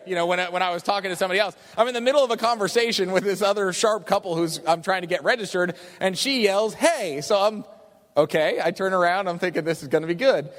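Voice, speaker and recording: A man with a high-pitched voice tells a story to a crowd in an animated, chatty way, often checking in with "right?". His voice rings with the long reverb of a large hall. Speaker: business opportunity speaker. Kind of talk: storytelling talk to an audience.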